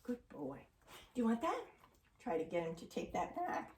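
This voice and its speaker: A woman's voice: lowish voice, huge pitch swings, moderate pace, darkish tone, slight background noise. A woman dog trainer patiently explaining a training exercise and talking affectionately to her dog, heard from a distant mic. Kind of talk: training demonstration with commentary. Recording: roomy sound from a distant mic.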